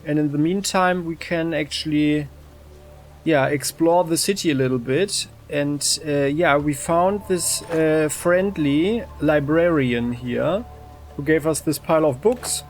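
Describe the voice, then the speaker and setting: A man hosting a let's play, giving relaxed game commentary and reading game text aloud. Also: on the high side, measured pace, faint music behind. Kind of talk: casual gameplay commentary.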